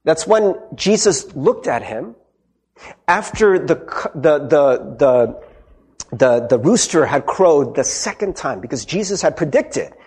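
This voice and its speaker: A man's voice: fairly high pitch, lively intonation, takes it slowly, a little mellow, slightly rough. A male pastor preaching a casual, conversational sermon. He tags his points with "right?" and acts out the quotes he retells. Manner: tags many sentences with "right?"; acts out quoted speech in character.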